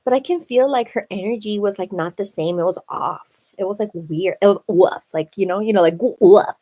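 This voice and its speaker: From home, seated, a woman runs a live stream and launches into a casual story, saying "like" over and over along with "you know." Her mid-range voice moves fairly quickly, and her delivery is lively and chatty.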